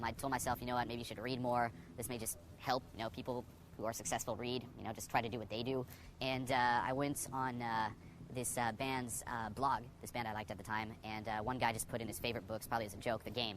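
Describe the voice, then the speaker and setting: A man's voice: mid-range voice, fairly bright tone, a little hiss or hum. A young man, a dating coach, telling his personal story to the camera in a candid way, full of swearing and "you know" fillers.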